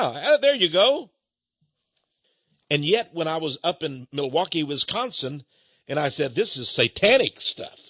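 A man's voice: high voice, slightly rough, no echo, muffled recording. A man preaching an impassioned sermon, talking straight to his listeners with rhetorical questions. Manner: animated, rhetorical, addresses listeners directly.

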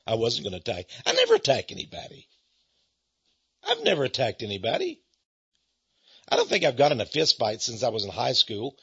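A man, a Christian speaker telling stories in an animated, chuckling sermon style. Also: medium pitch, brisk, slightly rough, muffled recording. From Texas, USA. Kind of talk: storytelling sermon.

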